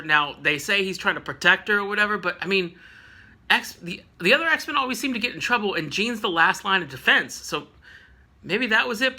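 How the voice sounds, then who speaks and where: A bright, high-pitched man talks through a comic book issue in a loose, casual way. He is animated and jokey, laughs often, and keeps tossing in playful asides. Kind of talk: casual recap with playful character voices.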